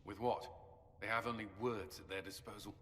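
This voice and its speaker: A man's voice: fairly low pitch, steady tone, normal speed, fairly bright tone, slight background noise, close to an everyday voice. An actor playing a firm, argumentative male military commander and former soldier. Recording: reverberant game audio.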